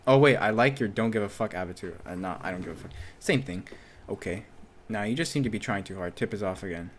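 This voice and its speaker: Low-voiced streamer muttering casual reactions. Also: male voice, expressive, quick pace, a little hiss or hum. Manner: casual, loose, swears freely, mutters to himself. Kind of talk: reading posts aloud and reacting.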